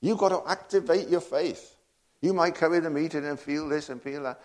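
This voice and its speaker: A man's voice: on the high side, normal speed. A man preaching a sermon, full of rhetorical questions and laughing asides.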